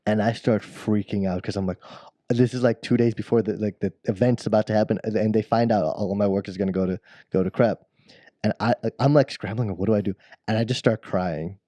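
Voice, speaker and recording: A man with a low, mellow voice tells a long, rambling childhood story in casual podcast chat. He restarts his sentences often and laughs at his own tale. The recording is close and dry. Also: fairly even intonation, fairly quick, no room sound. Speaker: podcast co-host.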